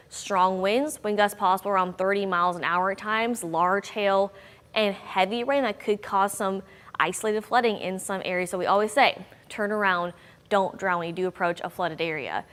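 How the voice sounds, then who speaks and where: A woman's voice: mid-range voice, a bit bright. A young woman delivers a TV weather forecast in a friendly, conversational way, lifting her voice on key words. Her voice sits mid-range, and a long reverb trails behind it. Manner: upbeat, conversational, bouncy emphasis. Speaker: TV meteorologist.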